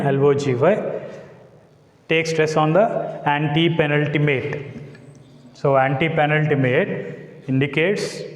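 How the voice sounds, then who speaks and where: A man's voice: a little high, echoey room, in a large hall. A man teaching English with an Indian English accent, spelling out letters, repeating words and checking "got it?". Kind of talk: classroom lecture.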